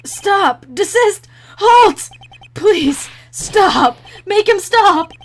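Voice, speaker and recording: Woman doing a frantic shrieky businessman caught out, game voice, super high. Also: expressive, extremely slow, slight background noise, exaggerated voice. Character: panicked guilty businessman, shrieking.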